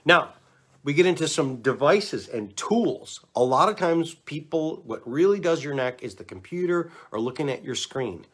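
A man giving relaxed, chatty instructions on neck exercises, talking to the camera and demonstrating as he goes. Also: fairly high pitch, normal speed. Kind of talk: casual instructional talk to camera.

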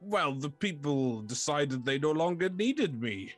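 A man's voice: on the high side, sing-song, measured pace, faint music behind, pitched above the performer's own voice. A man voicing a shy, lonely talking fort. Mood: wistful. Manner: genteel, old-fashioned, stammering.

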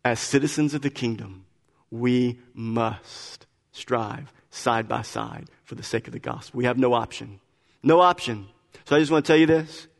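A man's voice: medium pitch, normal speed, gravelly, in a large hall. A man preaching a sermon as pastor, emphatic and repeating his phrases, often restarting words. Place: church sanctuary.

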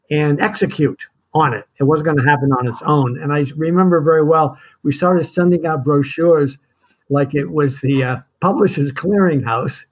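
An older man with a fairly high voice looks back on his firm's early days, reflective and halting. The recording sounds a little muffled and lo-fi. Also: husky. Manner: reflective, halting restarts and chuckles. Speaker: firm co-founder. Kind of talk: reminiscing conversation.

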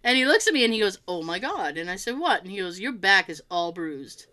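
A woman chatting casually, telling an animated, laughing story with plenty of swearing. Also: medium pitch, brisk. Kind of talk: casual chat.

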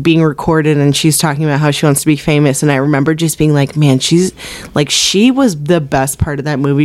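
A woman co-hosting a podcast in casual chat, telling stories with acted-out voices and frequent laughter. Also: sits low. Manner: animated storyteller, acts out voices, laughs often. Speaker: podcast co-host. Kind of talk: casual chat about movies.

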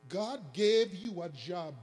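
Male preacher, high voice, emphatic sing-song delivery with hushed drops; recorded in a reverberant church with faint background music. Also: animated, takes it slowly, slightly rough. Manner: emphatic, swings between sung shouting and hushed talk. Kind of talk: sermon. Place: church hall.

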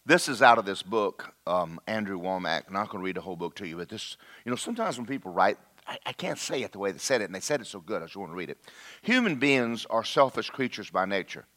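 A man preaching a lively, conversational sermon and talking straight to his congregation. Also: lowish voice, fast talker.

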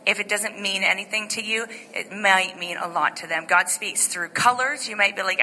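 Bright-voiced woman pastor preaching in a hall. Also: medium pitch, normal speed, few pauses, slight background noise. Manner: chatty, animated storytelling with many fillers and restarts. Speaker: lead pastor. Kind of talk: informal sermon testimony. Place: church sanctuary.

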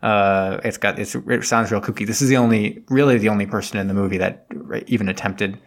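A man's voice: fairly low pitch, steady tone, fairly quick, gravelly. A man on a podcast retelling a film's plot in casual chat, rambling along with plenty of fillers and asides.

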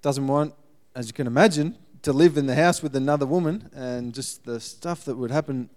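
A man giving a guest sermon, telling a missionary story in a lively way and acting out the people in it. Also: mid-range voice, fairly quick.

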